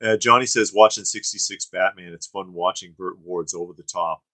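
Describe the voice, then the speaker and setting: A man's voice: sits low, steady tone, normal speed, bright, forceful tone, dry recording, rough recording. A man co-hosting a live stream, chatting casually and reading viewer comments, rambling with fillers and restarts. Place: studio.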